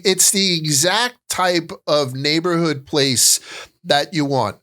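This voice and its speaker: A man hosting a casual interview. He talks bluntly, swears often and breaks into loud impressions of other people. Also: a little high, slow. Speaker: podcast host.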